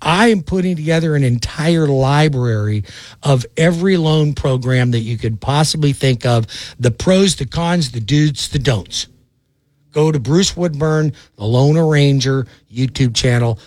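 A man giving a brash, folksy, rapid-fire sales pitch as a loan officer, acting out little phone calls. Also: animated, darkish tone, no room sound. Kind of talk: direct-to-camera sales pitch.

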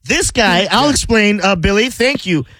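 A man's voice: sits high, lively intonation, moderate pace, pushed and bright, dry recording. A man co-hosting a radio talk show, chatty and laughing along with the host. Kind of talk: casual radio banter. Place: radio studio.

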